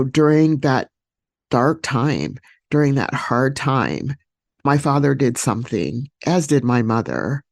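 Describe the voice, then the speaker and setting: A woman hosting a podcast, telling a personal story solo in a reflective, unhurried way with many fillers and restarts. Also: very deep voice, a little mellow, dry recording, clean studio sound. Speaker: podcast host.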